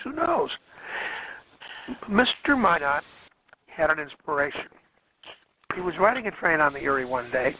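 A man with a gravelly, slightly high voice gives a classroom history lecture, wandering off track and correcting himself as he goes. The sound is dry and close, with no room around it. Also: pushed and bright, no echo, poor audio. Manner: rambling, self-correcting, with frequent fillers.

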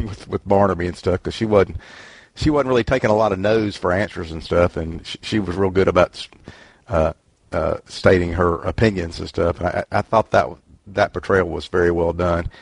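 A man chatting casually in a book discussion, halting and repeating himself, often trailing off with "and stuff.". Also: deep voice, breathy edge, no room sound. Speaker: book club member.

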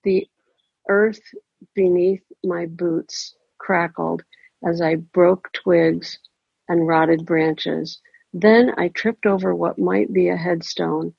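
A woman reads a first-person story in a measured, deliberate way, her voice deeply gravelly, husky and a little low. Her intonation stays fairly even. The recording is dry, dull and lo-fi.

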